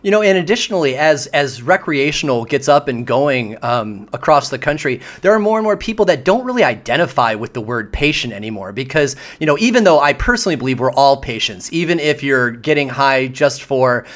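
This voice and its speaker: A man hosting a podcast interview, chatting in a relaxed way with fillers. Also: mid-range voice, brisk, few pauses. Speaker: podcast host. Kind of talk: conversational interview.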